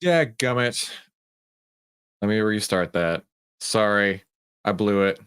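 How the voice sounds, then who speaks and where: A man's voice: fairly low pitch, little pitch movement, measured pace, fairly bright tone, smooth. A man with a Texan accent hosting a casual livestream, chatting and greeting viewers by name. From Texas. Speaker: livestream host.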